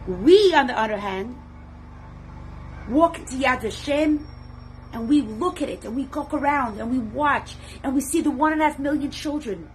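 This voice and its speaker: A woman teaching a religious class with deep feeling, who swings from loud exclamations to hushed tones and speaks directly to her listeners as her friends. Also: animated, moderate pace, faint music behind. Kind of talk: impassioned religious class talk.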